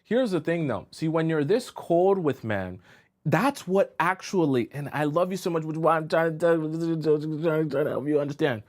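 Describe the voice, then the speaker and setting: A male dating coach talks on a live stream, emphatic and direct. He keeps checking in with his viewers. His voice sits a little high and moves up and down a lot. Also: lively intonation, normal speed. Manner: emphatic, keeps asking "right?" and "okay?".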